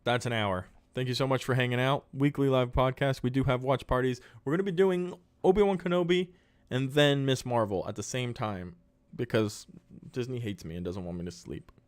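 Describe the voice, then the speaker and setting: A man's voice: mid-range voice, brisk, hardly any pauses, no room sound. Upbeat male livestream host, dry sound. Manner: upbeat, thanks viewers, answers questions on the fly. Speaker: host of a live podcast. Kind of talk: casual livestream chat, reading viewer comments.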